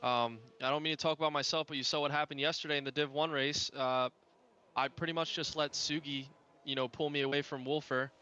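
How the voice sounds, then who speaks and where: A man's voice: fairly high pitch, fairly even intonation, a little fast, pushed and bright, clean tone, lo-fi sound. A man who is also a driver, giving live commentary on a racing game and stumbling over his words as he restarts phrases. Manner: hesitant, many restarts and fillers.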